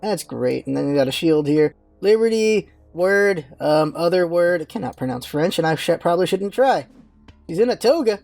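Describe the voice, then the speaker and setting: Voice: medium pitch, lively intonation, normal speed, vocal fry, darkish tone, no echo. Gaming host, offhand and rambling, dry close mic with faint music behind. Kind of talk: casual gameplay commentary.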